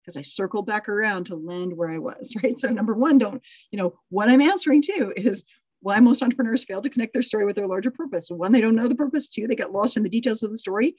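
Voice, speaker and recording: A woman's voice: mid-range voice, animated, fast, a little mellow, breathy edge, no echo, lo-fi sound. A middle-aged woman leading a live online class on storytelling, praising students and thinking aloud with restarts and small laughs. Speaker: course instructor.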